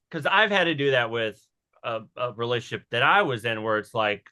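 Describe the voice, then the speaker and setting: A man's voice: medium pitch, fairly quick, bright, forceful tone. A man hosting a podcast in casual conversation, answering in a supportive, affirming way and relating his own experience. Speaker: podcast host.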